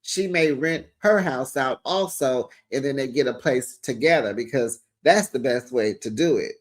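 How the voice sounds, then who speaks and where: A man hosting a casual reality TV recap, sassy and animated, talking straight to his viewers. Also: mid-range voice, moderate pace.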